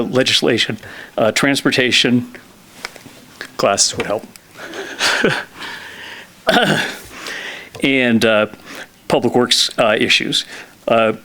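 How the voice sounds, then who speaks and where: A man in his fifties, a lobbyist giving a presentation to a town council, a little out of breath, often clearing his throat and pausing with fillers. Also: mid-range voice, fairly bright tone. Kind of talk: formal presentation. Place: council chamber.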